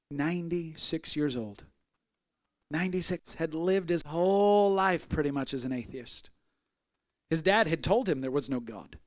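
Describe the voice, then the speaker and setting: High-voiced pastor preaching with emphasis. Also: male voice, no room sound. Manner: emphatic, builds through repeated phrases. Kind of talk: sermon.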